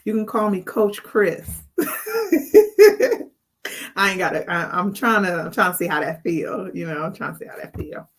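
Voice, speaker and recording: A woman's voice: lowish voice, fairly even intonation, normal speed, long pauses, fairly bright tone. A woman hosting a heartfelt spiritual talk as a life coach, speaking to the camera in an earnest, emotional way and often repeating her words. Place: indoors, on camera.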